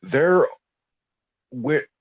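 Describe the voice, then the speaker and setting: A man's voice: medium pitch, sing-song, extremely slow. A man talking in a rambling, folksy, informal way in a casual conversation about healing and balance. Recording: dull lo-fi sound.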